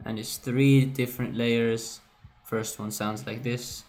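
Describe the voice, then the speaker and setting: Male producer explaining his own track at an unhurried pace, in an even and mostly level voice. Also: medium pitch, faint music behind. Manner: casual and self-correcting, often says "right". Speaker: music producer. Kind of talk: screen-recorded production walkthrough.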